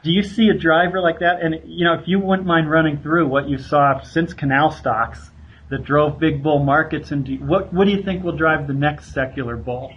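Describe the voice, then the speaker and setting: A man's voice: a little high, steady tone, normal speed, husky. A man hosting a podcast interview, asking long deferential questions. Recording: dull lo-fi audio.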